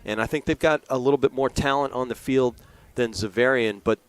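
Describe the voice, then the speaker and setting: A man's voice: medium pitch, brisk, clear, resonant tone. A man from Maryland doing color commentary at a lacrosse game, talking in a chatty, earnest way with lots of fillers and asides. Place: press booth at a lacrosse game.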